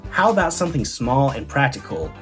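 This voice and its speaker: A man voicing a smug male magic talking fish, lifting his voice high and turning down wishes in a matter-of-fact way. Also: big pitch swings, a little fast, faint music behind, lightly acted.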